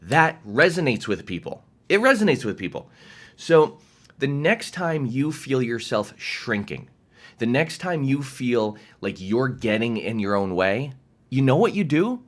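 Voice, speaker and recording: A man's voice: medium pitch, big pitch swings, unhurried. A man giving a direct-to-camera motivational talk as a coach, emphatic and passionate, swearing freely.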